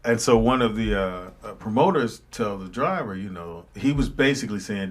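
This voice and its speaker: A man hosting a casual talk show, telling a funny story with animated voices. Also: on the low side, normal speed, hardly any pauses. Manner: animated, acts out voices in anecdotes. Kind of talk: casual chat and comic storytelling.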